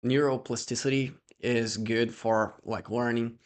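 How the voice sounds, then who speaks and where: Brazilian guy in his 20s, brazilian accent, telling stories in english, does little voices, mid pitch. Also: unhurried. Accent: Brazilian Portuguese. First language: Portuguese. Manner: animated storyteller who acts out quoted voices. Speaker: guest. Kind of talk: casual interview chat in English.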